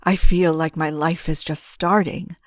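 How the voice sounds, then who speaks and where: A woman reading the lines of a hoarse young husband who speaks slowly, softly and apologetically in an audiobook. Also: fairly high pitch, level tone, no room sound, clean studio sound, close to an everyday voice. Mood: remorseful, tender.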